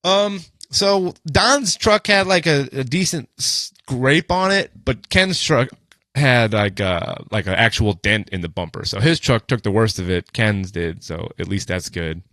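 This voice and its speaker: Podcast co-host, male, casual storyteller with a bright, forceful voice and a dry, close sound, rambling and swearing freely with plenty of "like" and "you know". His pitch sits in the ordinary middle range. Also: animated, measured pace, no room sound. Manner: loose and profane, with many fillers like "like" and "you know".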